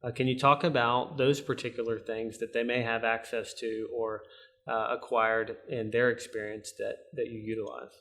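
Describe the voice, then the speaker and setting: A man interviewing an attorney, politely summarizing her points with a slightly halting delivery. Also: medium pitch, level tone, fairly bright tone. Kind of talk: professional interview.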